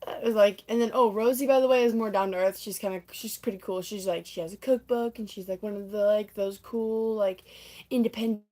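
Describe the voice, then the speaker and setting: A young woman chatting away on a livestream, her speech looping through "like" and "um" as she recaps a show she was part of. She talks at an ordinary pitch for a woman, rambles cheerfully, and every so often breaks into a squeaky impression of someone. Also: steady tone, brisk, mellow. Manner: chatty, full of "like" and "um", laughs often, acts out lines in squeaky voices. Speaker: livestreamer recapping a stage musical she performed in. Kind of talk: casual rambling retelling.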